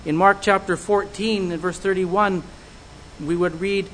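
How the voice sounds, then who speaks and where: Man, preacher, high voice, earnest, measured sermon delivery, soft hum behind. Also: fairly even intonation, rough recording.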